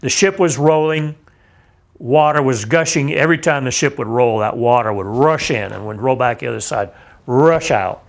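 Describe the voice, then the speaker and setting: An older man, a navy veteran, telling a vivid personal account in a measured, plain-spoken way. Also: mid-range voice, gravelly. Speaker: navy veteran recounting his experience. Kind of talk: personal testimony.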